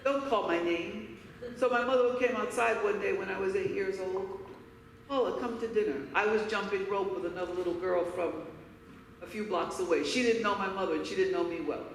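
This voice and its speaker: Speaking from far off in an echoey hall, a woman from Harlem, New York, delivers a keynote, telling personal stories emphatically and candidly. Her medium-pitched voice is brisk, creaky and steady in tone, with a little hiss or hum behind it.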